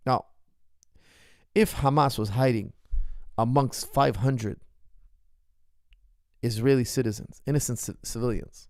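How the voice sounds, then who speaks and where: Male coach-host, impassioned emphatic monologue, middling pitch, dry recording. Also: unhurried, long pauses, no room sound. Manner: emphatic, repetitive, rising to forceful outbursts. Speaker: martial arts coach hosting a Q&A.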